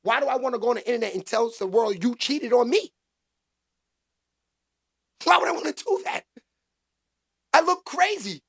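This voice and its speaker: High gravelly guy ranting live to his chat, slangy, gets loud in spurts. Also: normal speed, long pauses. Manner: animated, bursts into loud exclaims, slangy street talk. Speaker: livestream commentary host. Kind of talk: casual live-stream commentary, reading chat.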